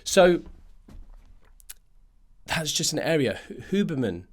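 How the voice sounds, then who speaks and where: A man's voice: fairly high pitch, very animated, takes it slowly. A man hosting a nutrition podcast, ranting in a casual monologue full of fillers and restarts.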